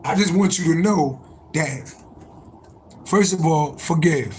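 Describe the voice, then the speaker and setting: A man's voice: a little high, slow, a little mellow, poor audio. Profane man livestreaming near traffic. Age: adult, born in January. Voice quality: strained voice. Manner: profane, repetitive, emphatic. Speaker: livestream host, spiritual reader. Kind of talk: casual livestream chat with viewers. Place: near a city street with sirens and horns.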